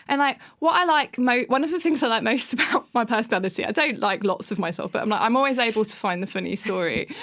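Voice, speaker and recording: A woman's voice: mid-range voice, fairly bright tone. A woman, a podcast guest, telling funny self-mocking stories in a casual interview, often breaking into laughter.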